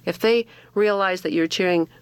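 A man from Alaska, a softball umpire, talking plainly and firmly in a casual radio chat. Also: high-pitched, moderate pace, clean tone, no room sound. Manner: firm, plain-spoken storyteller.

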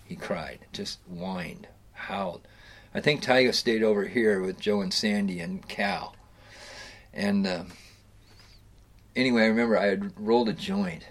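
A man's voice: fairly low pitch, measured pace, pauses often. Rambling, profane middle-aged man telling stories. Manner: rambling, profane, with frequent restarts and chuckles. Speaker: storyteller recounting fishing trips. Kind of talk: casual spoken storytelling.

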